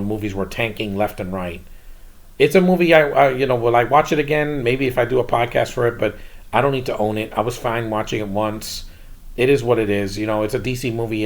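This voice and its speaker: A man hosting his own channel, giving a casual, blunt and rambling movie review. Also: mid-range voice.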